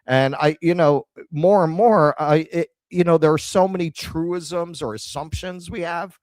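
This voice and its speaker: A middle-aged man with a New York accent, co-hosting a casual chat and telling a story with animated quoted dialogue. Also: a little high, no room sound. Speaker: podcast co-host.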